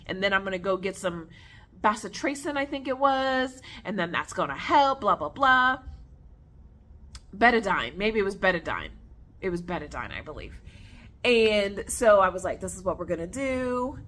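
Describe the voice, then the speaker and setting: A woman's voice: mid-range voice, moderate pace. Chatty woman telling a story to viewers. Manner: animated, chatty, addresses viewers as y'all. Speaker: vlogger. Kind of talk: casual storytelling vlog. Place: at home on the floor with her snake.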